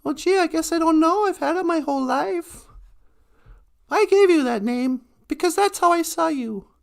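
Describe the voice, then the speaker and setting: A gentle creator spirit, voiced by a woman storyteller. He speaks calmly and kindly. The tone stays fairly high. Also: normal speed, gravelly, exaggerated voice.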